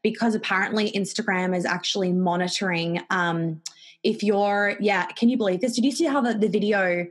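Australian woman, podcast co-host, casual chat, breezy, swears freely, mid-pitched voice. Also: moderate pace.

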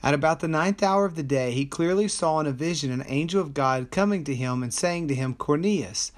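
A man leading a Bible study as a pastor, with a voice pitched slightly high. He reads scripture in a steady, measured way. When he explains the passage, he slows down and turns deliberate. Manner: steady reading with slow, deliberate commentary. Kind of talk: daily Bible study, reading scripture and teaching.

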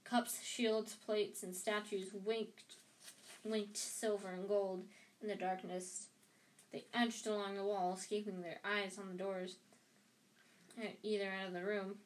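A woman's voice: medium pitch, level tone, a little slow, slight background noise. A woman reads a novel aloud, often stumbling and restarting phrases. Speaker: reader.

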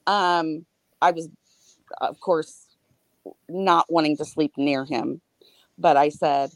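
Woman co-host, frank and animated storyteller, slightly low voice, dry close sound. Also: slow pace, long pauses, dry recording. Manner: frank, animated, laughs between grim details. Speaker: podcast co-host. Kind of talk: candid personal storytelling.

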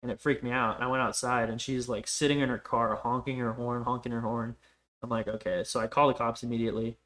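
A man's voice: medium pitch, level tone, quick pace, fairly bright tone. A young man on a podcast, telling a rambling personal story in a casual, profane way, full of "like" fillers. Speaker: podcast guest.

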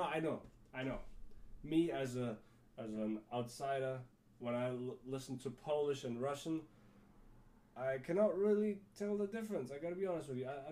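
A man's voice: a little high, darkish tone. A man hosting a solo podcast, rambling casually with frequent restarts and little laughs. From Germany. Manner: rambling, self-correcting, laughs to himself. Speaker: podcast host.

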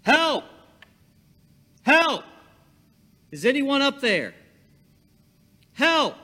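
A man playing a desperate man hanging from a cliff, yelling and pleading in a frantic way. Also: high-pitched, expressive, moderate pace, voice pushed up. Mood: panicked. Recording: long hall reverb.

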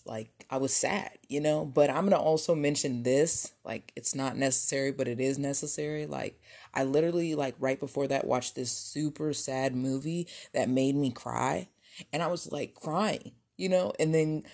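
Rambling, gravelly-voiced young woman podcaster. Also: low voice, dark tone. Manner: rambling, reflective, many fillers and restarts. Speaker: podcast host. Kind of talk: casual solo podcast talk.

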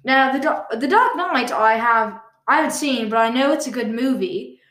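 A woman's voice: a little high, expressive, normal speed, fairly bright tone. A woman hosting a casual comedy podcast, playful and rambling. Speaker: podcast host. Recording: roomy echo.

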